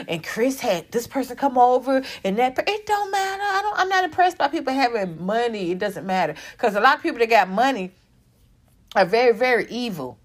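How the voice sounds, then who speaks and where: A woman delivers celebrity gossip commentary in a blunt, profane, sarcastic rant. Her voice sits a little high and swings widely in pitch.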